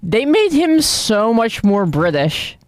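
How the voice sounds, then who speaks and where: A woman's voice: a little high, big pitch swings, takes it slowly, no echo. A woman streaming a game, chatting casually and joking with viewers.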